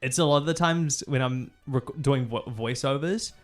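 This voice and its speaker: A man's voice: medium pitch, moderate pace, soft background music. A young man with a New Zealand accent, a streamer chatting casually and reading out viewer messages. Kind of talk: casual chat.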